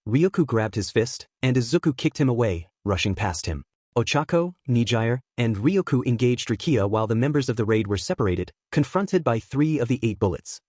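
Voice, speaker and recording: A man reading fan fiction aloud as a narrator, with lively storytelling intonation. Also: mid-range voice, moderate pace, dry recording, clean studio sound.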